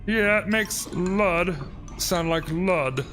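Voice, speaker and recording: A man's voice: high voice, slow pace, a bit bright, soft background music, voice pushed up. A man voicing a creepy, cheerfully sinister male innkeeper from a family of butchers, speaking with an exaggerated lisp and odd word stress. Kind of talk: reading game dialogue aloud.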